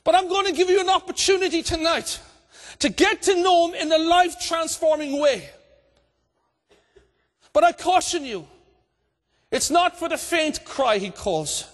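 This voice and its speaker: High-voiced preacher in a reverberant hall. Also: male voice, expressive, unhurried, pauses often. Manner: impassioned, preaching with rising shouts. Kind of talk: evangelistic sermon.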